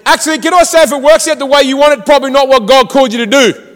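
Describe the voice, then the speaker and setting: High-voiced fired-up man preaching. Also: racing, long reverb tail. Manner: fired-up, exhortative, calls to the congregation. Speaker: pastor. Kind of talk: sermon. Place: church.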